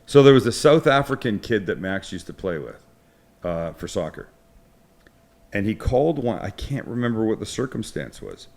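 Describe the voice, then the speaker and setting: Middle-aged male host, lively pitch, chatty storyteller with a loose mouth. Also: moderate pace. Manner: chatty, swears, tells funny stories. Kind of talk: casual kitchen chat.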